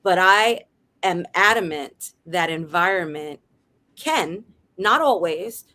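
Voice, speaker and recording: A middle-aged woman hosts a casual talk show. Her voice sits a little low, and she speaks earnestly, often tagging her points with "right?" to keep the listener with her. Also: animated, slow, sharp tone. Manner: earnest, keeps checking in with "right?". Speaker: radio show host. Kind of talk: casual discussion.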